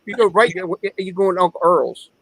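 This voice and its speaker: A man's voice: high voice, vocal fry, crowd noise, rough recording. A man chatting casually and teasing his guests. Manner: joking, quick to tease. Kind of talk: casual chat.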